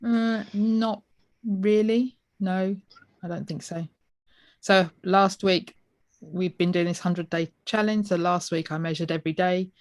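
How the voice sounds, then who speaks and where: A middle-aged woman answers in a relaxed, matter-of-fact way. Her voice sits a little low. The recording is dry and close. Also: unhurried, no room sound. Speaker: podcast co-host, guest. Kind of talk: casual interview chat.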